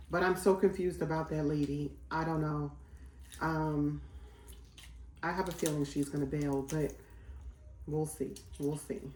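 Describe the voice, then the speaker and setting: A woman's voice: sits low, roomy sound, slight background noise. A woman in her forties, chatting casually as a vlogger while cooking at home, rambling with lots of fillers. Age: 40s.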